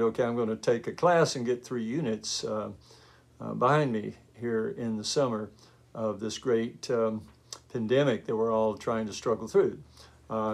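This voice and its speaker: A man's voice: mid-range voice, creaky. A man in his fifties with a West Texas drawl, lecturing as an art instructor in a chatty, folksy way full of ums and uhs. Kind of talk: recorded online lecture.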